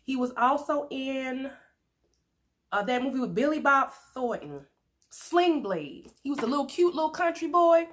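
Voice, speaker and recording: A woman's voice: sits high, lively intonation, a little slow. Chatty playful woman vlogger. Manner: chatty, playful, laughs often. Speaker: mukbang vlogger. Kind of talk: casual chat while eating.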